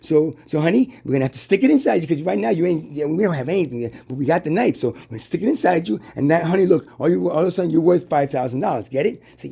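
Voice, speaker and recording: Man, fairly high voice, gravelly, husky, preachy monologue, halting restarts, repeated rhetorical questions. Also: expressive, warm tone.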